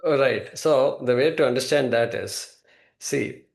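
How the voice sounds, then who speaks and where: A man's voice: mid-range voice, unhurried, gravelly. A man teaching a scripture class, explaining patiently and repeating key points for his students.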